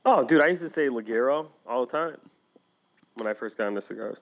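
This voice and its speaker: A man co-hosting a casual podcast, laid-back and quick to laugh, telling stories from behind a shop counter. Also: medium pitch, expressive, lo-fi sound. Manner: laid-back, laughs often, tells anecdotes. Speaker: podcast co-host, cigar shop worker. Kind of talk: casual chat.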